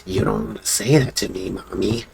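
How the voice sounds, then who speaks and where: A man voicing a creepy possessed little boy in a low, quiet, menacing tone. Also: normal speed, vocal fry, a little hiss or hum.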